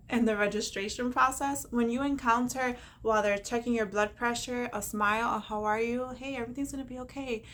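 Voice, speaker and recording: Bright-voiced woman telling her story. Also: on the high side. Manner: animated, acts out quoted dialogue, laughs often; encouraging, faith-filled pep talk. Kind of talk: personal storytelling to camera.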